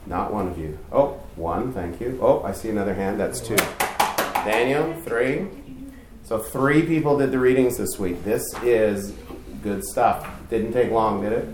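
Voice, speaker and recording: Speaking unhurriedly in a fairly low voice, a man preaching as youth pastor shares stories in a candid, chatty way and pokes fun at himself. Background noise, an echoey room, and a distant mic mark the recording.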